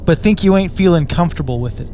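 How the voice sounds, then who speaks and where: Pushy young female stranger, read by a man in a put-on accent; prying, a touch higher than his own voice. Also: quick pace, mellow, slight background noise, close to an everyday voice. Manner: put-on accent, slightly raised pitch. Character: pushy young woman stranger texting, odd phrasing.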